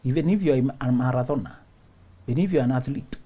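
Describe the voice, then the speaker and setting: A man's voice: medium pitch, quick pace, mellow. A man hosting a relationship talk show, giving advice in a preachy, repetitive way and often laughing as he acts out little scenes. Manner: preachy, repeats points for emphasis.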